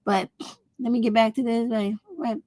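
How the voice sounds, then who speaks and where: A woman's voice: on the high side, steady tone, moderate pace, darkish tone, dry recording. A woman, talking straight to her viewers in a casual opinion vlog, blunt and profane. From United States. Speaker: vlog host.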